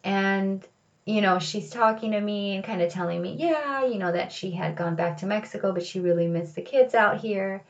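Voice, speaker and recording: A woman telling a personal story in a casual, animated way, with many fillers. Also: medium pitch, normal speed, highs cut off.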